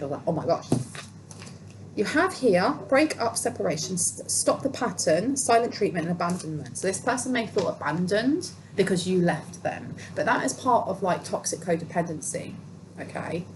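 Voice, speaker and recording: A woman giving a casual tarot reading, talking in a chatty, emphatic way and repeating phrases for stress. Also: mid-range voice. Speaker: tarot reader. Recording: steady background noise.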